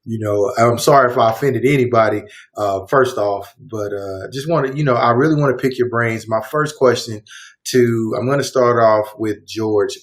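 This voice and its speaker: Brief: male host, mid pitch, easygoing and joking, loose delivery. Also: moderate pace. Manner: relaxed, jokey, loose with fillers. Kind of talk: casual panel moderating.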